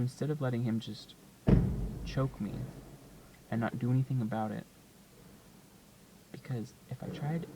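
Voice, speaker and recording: A vlogger telling a painful personal story in a confessional way, often dropping to a hush and then swinging loud. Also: medium pitch, vocal fry, noisy background. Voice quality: hushed, often whispered delivery. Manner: emotional, swings from hushed to loud.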